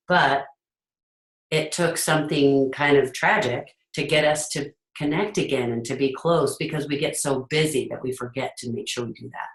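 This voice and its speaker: A middle-aged woman coaching her listeners in an earnest, casual way, her voice sitting very low for a woman. She is recorded in an echoey room. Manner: earnest, acts out parents' voices. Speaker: host, leadership coach. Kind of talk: casual talk to an audience.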